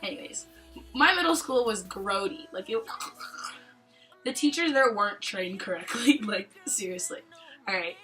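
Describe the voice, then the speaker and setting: A woman's voice: medium pitch, moderate pace, long pauses, faint music behind, rough recording. A young woman from Canada chatting casually in a storytime vlog, joking and acting out the people in her stories. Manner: animated, joking, acts out quoted lines. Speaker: vlogger.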